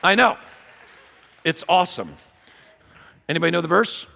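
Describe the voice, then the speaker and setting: Gravelly, playful man speaking in a hall. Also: fairly high pitch, normal speed, some chatter behind. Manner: animated storyteller, playful and self-mocking. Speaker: conference speaker. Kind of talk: humorous teaching talk to a live audience. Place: large conference hall. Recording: long hall reverb.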